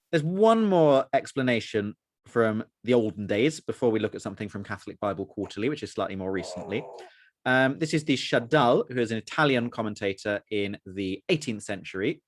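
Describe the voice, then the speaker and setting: Low-voiced man teaching a study group. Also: no room sound, studio quality. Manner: explanatory, asks the group questions, many fillers. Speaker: student rabbi leading a study session.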